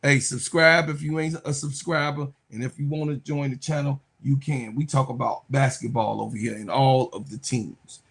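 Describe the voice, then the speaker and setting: A man's voice: mid-range voice, fairly even intonation, moderate pace, creaky, few pauses, fairly bright tone, breathy edge. A man hosting a basketball channel, giving casual, hyped commentary full of slang and repeated phrases. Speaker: sports channel host.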